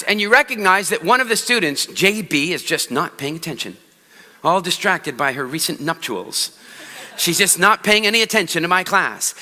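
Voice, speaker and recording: A man giving a stage talk on public speaking to a live audience, telling animated stories and asking the audience questions. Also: high-pitched, long reverb tail.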